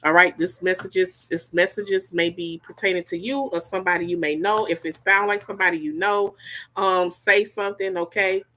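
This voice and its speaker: A fairly low-pitched woman, her tone pushed and bright, speaks at a moderate pace with fairly even intonation while giving a spiritual reading. She's repetitive and preachy in a homespun way, often checking in with "okay?"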